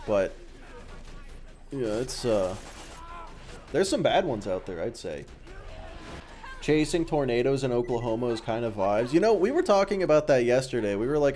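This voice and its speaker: A man's voice: medium pitch, expressive, normal speed, long pauses, darkish tone, a little hiss or hum. Young Aussie streamer, easygoing and jokey, cursing casually while he plays. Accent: Australian. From Australia. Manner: laid-back, joking, swears freely, chats with viewers. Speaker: game streamer. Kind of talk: casual chat while gaming.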